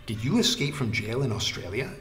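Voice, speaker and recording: A man voicing a brash, foul-mouthed male fixer who talks loudly and excitably. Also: medium pitch, brisk, slight background noise. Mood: blunt. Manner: swearing, loud and excitable.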